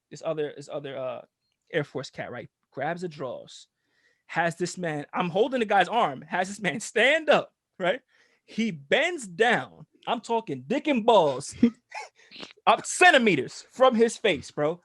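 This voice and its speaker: A man co-hosting a podcast, telling a story in a casual, profane and animated way and laughing often. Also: high voice, no echo, studio quality. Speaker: podcast co-host.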